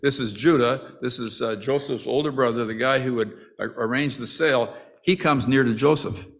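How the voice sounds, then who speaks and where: A man's voice: mid-range voice, normal speed, gravelly, a bit bright. Man preaching a conversational sermon. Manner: conversational, with frequent restarts and asides; acts out the brothers' quoted lines with rising emotion.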